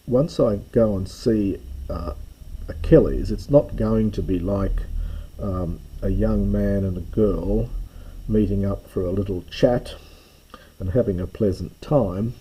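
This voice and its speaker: A man's voice: on the low side, mellow, slightly rough, poor audio. A man teaching a close reading of an ancient text, thinking aloud with hesitations and self-corrections. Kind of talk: unscripted close-reading lesson.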